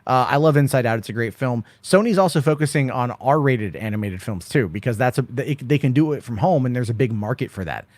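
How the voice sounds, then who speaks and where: This man's mid-range, slightly mellow voice is animated and a little fast, with few pauses, as he hosts a relaxed late-night stream and reads out chat questions one after another. He rambles through the list with lots of filler and frequent swearing. Captured close and dry, the audio has no echo or room sound.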